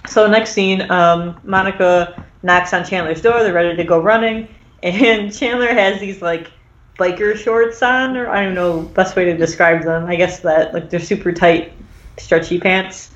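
A woman's voice: on the low side, fairly even intonation, unhurried. Chatty woman recapping in a roomy room. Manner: rambling recap full of fillers, acts out the characters' lines. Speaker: podcast host recapping an episode. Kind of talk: casual chat. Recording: roomy, dull lo-fi sound.

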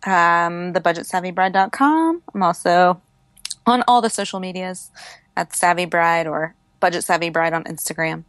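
A woman speaks as a podcast guest in an earnest, casual way and often fills her speech with "like". Her voice is a little low for a woman. It is recorded dry, with no room sound. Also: moderate pace, fairly bright tone, no echo. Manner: earnest, sprinkles in fillers like "like". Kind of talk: casual chat.

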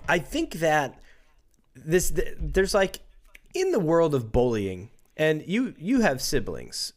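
A man's voice: fairly high pitch, huge pitch swings, slow. A man co-hosting a podcast, reading a book aloud with wry, dry asides. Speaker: podcast co-host. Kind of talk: casual chat and book reading.

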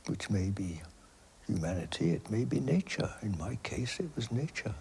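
An older man giving reflective interview answers, halting and hesitant with many restarts, often dropping to a soft, near-whispered delivery. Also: fairly low pitch, very animated, vocal fry, a little hiss or hum.

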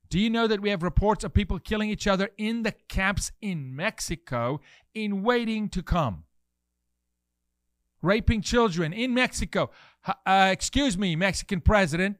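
Speaking a little slowly and pausing often, a South African podcast host with a high, fairly bright and expressive voice delivers fervent, sermon-like commentary. He leans on rhetorical questions and reads from scripture, captured in a dry, studio-quality recording.

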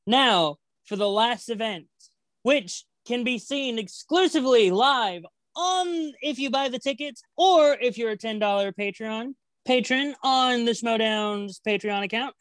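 A woman's voice: a little high, unhurried, dry recording. A woman co-hosting a casual podcast, chatty and playfully competitive, rambling as she makes her predictions. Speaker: podcast co-host making match predictions. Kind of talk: casual chat.

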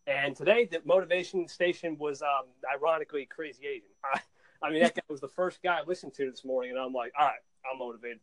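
A young man chatting excitedly on a podcast, laughing and repeating words as he tells stories. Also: a little high, fast talker, rough recording. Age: young adult. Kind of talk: casual chat.

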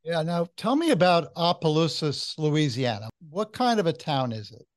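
A man's voice: fairly high pitch, big pitch swings, moderate pace, no echo, studio quality. A man interviewing a guest, asking leading, conversational questions.

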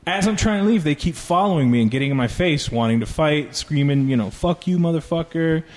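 A man telling a long story in casual chat, profane and animated, acting out quotes. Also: fairly high pitch, quick pace.

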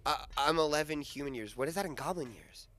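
A man's voice: on the high side, quick pace, a bit bright, natural voice. A man playing an eager eleven-year-old boy who rambles with lots of fillers.

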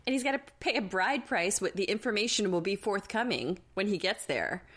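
A young woman co-hosting a casual recap podcast, animated and laughing often. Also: medium pitch, a little fast, breathy edge. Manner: animated, laughing, mimics people she talks about. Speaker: podcast co-host.

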